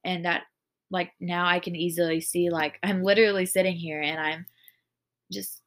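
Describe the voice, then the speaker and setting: A woman's voice: on the low side, little pitch movement, normal speed, fairly bright tone. Earnest woman rambling about faith. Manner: earnest, rambling, heavy use of "like". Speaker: podcast host. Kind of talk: casual faith podcast monologue.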